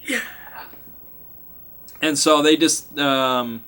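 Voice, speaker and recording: A man running a tabletop game talks through what happened last time in a casual, chatty recap. His voice sits a little high and sounds bright and keen. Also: steady tone, drawn-out words, clean tone. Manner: chatty, acts out sound effects and lines, laughs. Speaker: game master.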